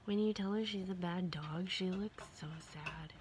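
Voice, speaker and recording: A woman vlogging at home, half-whispering so she won't wake people and switching to a high sing-song voice when talking to her dog. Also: moderate pace, slight background noise. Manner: often half-whispering to keep quiet. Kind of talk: casual home vlog talking to her pets. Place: home indoors.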